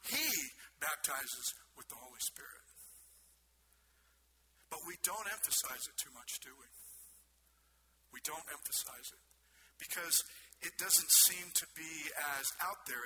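Male pastor, conversational sermon, questions to the congregation, slightly high voice, clear background noise. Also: animated, measured pace.

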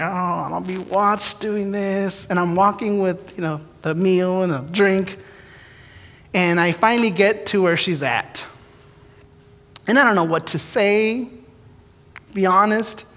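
In a church sanctuary with the long reverb of a large hall, a preacher shares his testimony unhurriedly. His voice is high and fairly bright. The sermon is a candid, self-deprecating story in which he acts out the dialogue and his own prayers.

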